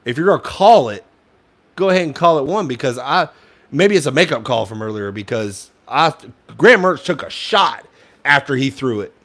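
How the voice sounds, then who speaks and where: A man's voice: mid-range voice, lively intonation, normal speed, fairly bright tone. A young man giving casual fan play-by-play commentary, frustrated and ranting at the play calling, sometimes swearing.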